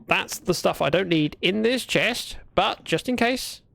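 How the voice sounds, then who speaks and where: A man's voice: sits high, lively intonation, a little slow, vocal fry, a bit bright. A man chatting through a gameplay livestream, talking to himself and greeting viewers. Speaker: streamer. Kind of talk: casual gameplay livestream commentary.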